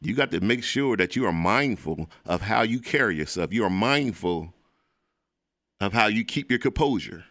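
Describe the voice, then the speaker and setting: A man hosting a show as a preacher, delivering an emphatic, repetitive preaching monologue that turns excitable when it moves to sports. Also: fairly low pitch, no echo, clean studio sound. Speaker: preacher and host.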